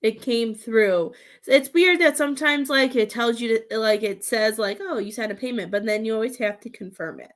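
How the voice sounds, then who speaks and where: A woman psychic medium gives a live reading in a slightly high voice. She rambles and doubles back on herself, often restarting mid-sentence. She addresses sitters with affectionate pet names. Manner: halting, rambling, frequent restarts.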